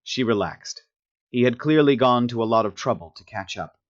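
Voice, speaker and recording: A man narrating a science fiction audiobook with steady storytelling. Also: mid-range voice, normal speed, highs cut off. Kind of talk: scripted narration of a sci-fi story.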